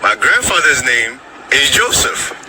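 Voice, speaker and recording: A man from Nigeria casually telling a personal story, animated and incredulous. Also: mid-range voice, unhurried. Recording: clip with steady background noise.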